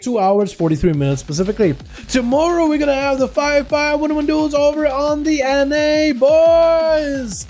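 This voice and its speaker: A man commentates game duels on a live stream, chatty and excitable as he reacts to the play and greets his chat. His voice sits high but has a mellow, unforced tone. Faint music plays underneath. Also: moderate pace, few pauses.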